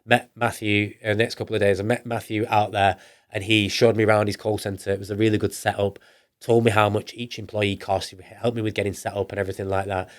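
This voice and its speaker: A northern English man with a fairly low voice tells his business story in a loose, rambling way. He trips into restarts and repeats himself, then slips into acting out what he and others said, all in a relaxed podcast chat. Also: fast talker. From northern England. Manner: rambling, with restarts and acted-out quoted dialogue. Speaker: entrepreneur guest. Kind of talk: casual storytelling in a podcast interview.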